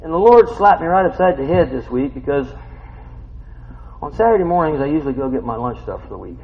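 Male preacher, slightly high voice, swings widely in pitch, chatty storytelling sermon; long hall reverb, muffled sound. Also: lively intonation, a little fast. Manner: conversational, storytelling, rhetorical questions.

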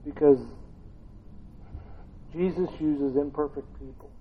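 A man delivers a relaxed, humorous sermon and mixes family anecdotes with a scripture reading. His voice sits high for a man. The recording is narrow and tinny, like a phone line. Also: slow, a little hiss or hum. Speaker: preacher. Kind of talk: conversational sermon.

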